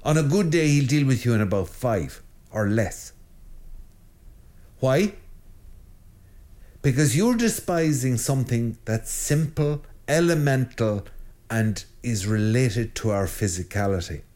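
A middle-aged priest gives an informal spiritual talk on his own show, animated and full of jokes, with frequent restarts and stammers. His voice is medium in pitch and measured in pace, and he pauses often.

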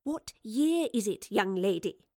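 Woman doing an eccentric brisk professor. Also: medium pitch, animated, mellow, no echo, studio quality.

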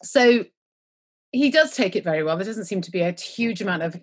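A woman's voice: fairly low pitch, animated, fast, slightly rough. A woman co-hosting a podcast, recapping a TV episode in casual, rambling chat, joking and trailing off mid-word. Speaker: podcast co-host.

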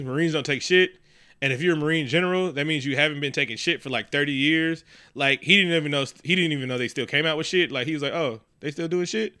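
Bright-voiced man riffing casually. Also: fairly high pitch, smooth. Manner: rambling, profane, riffing with mocking impressions. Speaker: podcast co-host. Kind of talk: casual comedic chat.

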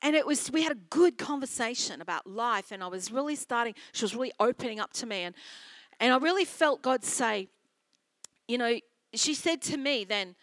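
A woman's voice: fairly high pitch, expressive, normal speed, fairly bright tone, no echo. An Australian woman pastor preaching a sermon in an earnest, storytelling way, repeating her phrases for emphasis.

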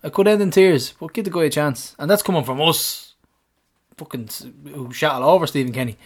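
A man co-hosting a casual football podcast, excitable and swearing freely. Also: a little high, a little fast. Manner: excitable, swearing, laughs often. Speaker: podcast co-host.

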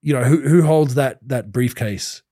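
A man in his thirties, a podcast host who played pro basketball, telling lively anecdotes with many restarts and laughs. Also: medium pitch, normal speed, dry recording, clean studio sound. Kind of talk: casual storytelling chat.

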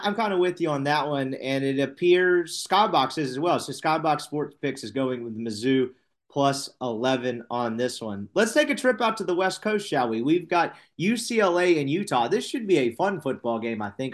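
A man's voice: medium pitch, expressive, moderate pace. A man hosting a casual sports betting podcast, rambling and correcting himself with wry asides.

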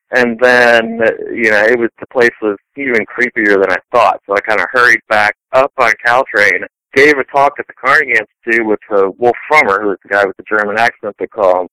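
A man's voice: medium pitch, pushed and bright, clean tone, no echo, rough recording. A middle-aged man, a scientist guest on an interview, telling rambling anecdotes in a casual conversational way.

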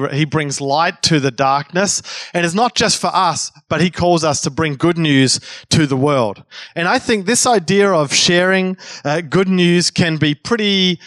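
A man's voice: fairly high pitch, fairly bright tone, dry recording. A man preaching a sermon in a conversational way, prompting the congregation and often restarting his sentences.

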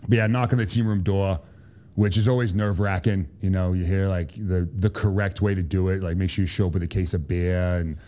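A man with a Boston accent tells stories as a podcast guest, his voice sitting a bit low with a mellow, unforced tone. He talks animatedly and swears freely. He keeps checking in with his listeners with a quick "right?" or "like". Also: fairly even intonation. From Boston, USA. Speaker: podcast guest, Army Special Forces officer. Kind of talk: casual storytelling interview.

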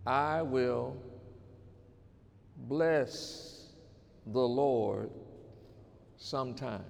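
A male pastor preaching a sermon, slow and emphatic, repeating key phrases and building to fervent exhortation. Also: a little high, creaky. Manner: rising to loud, fervent exhortation. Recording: long hall reverb.

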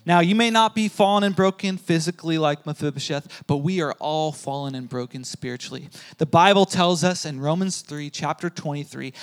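A male pastor preaching a sermon, emphatic, repeating key phrases and swinging between loud and soft. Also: a little high. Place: church hall with a congregation.

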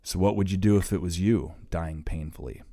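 Deep, dry-voiced male audiobook narrator. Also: steady tone, brisk, mellow, no room sound. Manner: opinionated, matter-of-fact.

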